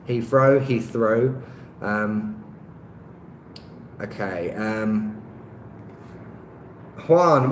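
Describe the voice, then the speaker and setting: A medium-pitched man from West London, speaking with that area's accent, hosts a live stream for his YouTube travel channel and reads out viewer comments. He's relaxed, says "um" a lot and chuckles at himself. The room is echoey, with faint traffic noise in the background.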